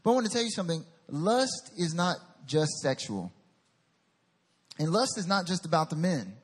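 A man delivers a sermon with a husky, somewhat high voice. He is animated and acts out the voices in the scripture story. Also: moderate pace, in a large hall. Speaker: pastor.

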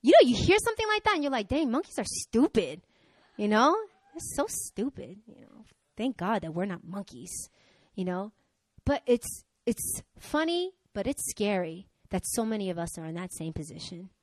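A young woman preaching a sermon, conversational and energetic, swinging from loud exhortation to quiet asides. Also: mid-range voice, normal speed, no room sound.

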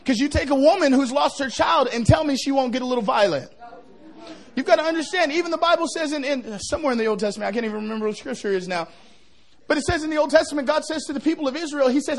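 High-voiced joking pastor, rising to shouts. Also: male voice, lively intonation, fast talker. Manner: humorous, builds to shouting. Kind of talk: revival sermon.

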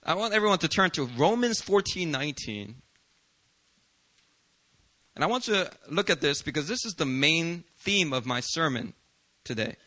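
Male pastor with a bright, rather high voice, animated and self-mocking, preaching with quick laughs. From Philadelphia, US. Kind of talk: sermon.

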